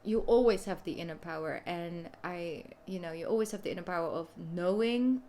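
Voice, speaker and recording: A woman's voice: lowish voice, brisk, mellow, slight background noise. A woman giving a casual, chatty tarot reading, talking informally and often saying "you know". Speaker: tarot reader.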